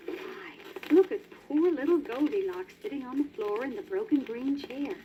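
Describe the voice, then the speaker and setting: A woman's voice: high-pitched, expressive, normal speed, few pauses, a little hiss or hum. Sing-song woman reading a storybook. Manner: gentle, sing-song, talking to children. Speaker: storybook narrator. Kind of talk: read-along storybook narration. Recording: muffled old vinyl record with music.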